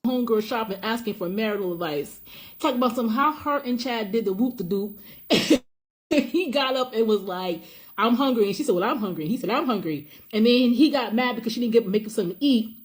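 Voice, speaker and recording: A woman chatting casually about a reality show, animated, laughing often and acting out what people said. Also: a little high, fairly quick. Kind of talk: casual reaction chat.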